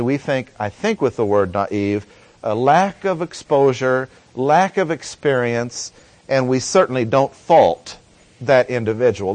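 A man teaching a Bible study lecture in an earnest tone, often pausing with "uh" as he explains words and verses. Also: medium pitch, a little mellow, dry recording. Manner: earnest teaching tone with frequent "uh" pauses.

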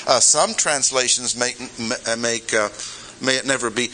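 Bright-voiced man preaching a sermon. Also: medium pitch, normal speed, a little hiss or hum, rough recording. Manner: conversational, with rhetorical questions and humorous asides. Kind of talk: expository sermon.

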